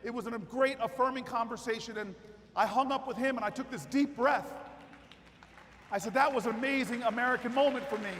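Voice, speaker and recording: A man giving a political convention speech, telling a story that builds to shouted rallying cries. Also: extremely high pitch, a little fast, slight background noise. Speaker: keynote speaker. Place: large convention hall with crowd. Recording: hall reverb with crowd.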